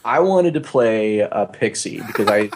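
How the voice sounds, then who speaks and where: A man's voice: lowish voice, animated, unhurried. A man co-hosting a casual podcast, rambling with lots of filler words and restarts, on a studio microphone in a small home studio. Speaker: podcast co-host. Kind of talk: casual chat. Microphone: new studio microphone.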